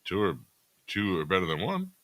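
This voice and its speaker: A man with a very low voice that swings widely up and down throws in teasing one-liners. The sound is close and completely dry, with no room around it. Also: huge pitch swings, normal speed, a bit bright, dry recording. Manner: wisecracking, teasing interjections. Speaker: podcast co-host. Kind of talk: casual comedic chat.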